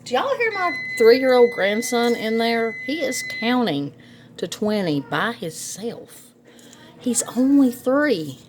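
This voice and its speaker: Chatty woman, lower pitched. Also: a little hiss or hum. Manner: chatty, folksy, laughs often. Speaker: home cook, vlog host. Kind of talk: casual cooking demonstration. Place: home kitchen.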